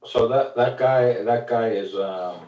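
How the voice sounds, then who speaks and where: A man's voice: mid-range voice, takes it slowly, background noise. A man talking wryly and emphatically in a casual podcast chat, often repeating himself. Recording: roomy sound from a distance.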